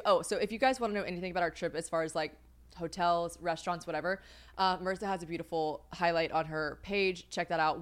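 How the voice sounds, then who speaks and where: A young woman co-hosting a podcast in casual chat, bubbly and full of laughs, swearing freely. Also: low voice. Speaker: podcast co-host.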